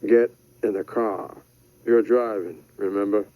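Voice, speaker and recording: A man's voice: lowish voice, fairly even intonation, measured pace, dry recording, phone-quality sound, lightly acted. A man reading a curt, commanding boss character in an audiobook, giving clipped orders. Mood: impatient.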